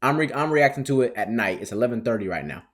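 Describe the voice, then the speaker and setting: A man's voice: medium pitch, expressive, quick pace. A man co-hosting a casual reaction chat, swearing freely and calling the other host "bro". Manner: swears a lot, stunned disbelief, "bro" often.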